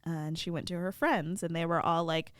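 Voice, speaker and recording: A woman podcast co-host retelling a fairy tale casually, with animated, laughing asides. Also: fairly low pitch, a little fast, no echo, studio quality.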